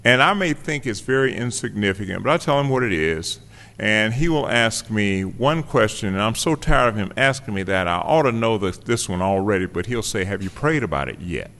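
A man's voice: lowish voice, expressive, moderate pace, fairly bright tone. A man sharing his recovery story with an audience, conversational, wry and self-deprecating. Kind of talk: personal testimony to a live audience. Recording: long reverb of a hall.

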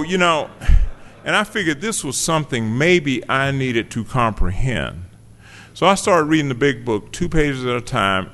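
A man's voice: mid-range voice, fairly bright tone. A man sharing his recovery story with an audience, conversational, wry and self-deprecating. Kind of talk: personal testimony to a live audience. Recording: long reverb of a hall.

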